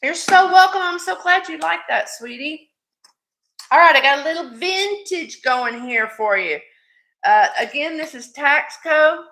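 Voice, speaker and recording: Bright, unhurried woman hosting a live sale. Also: high-pitched, animated, echoey room. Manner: chatty and affectionate, calls viewers sweetie. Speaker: live jewelry sale host. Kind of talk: live-stream selling chat.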